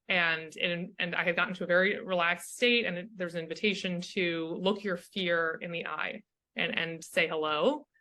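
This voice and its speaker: A woman's voice: fairly low pitch, sharp tone. A woman speaking as a coach and interview guest in a casual chat, earnest and reflective, often checking in with the listener.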